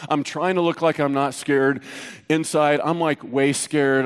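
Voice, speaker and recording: Middle-aged male pastor, high voice, chatty storytelling sermon, long hall reverb. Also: steady tone, moderate pace, clear, resonant tone. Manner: storytelling, conversational, teasing the audience.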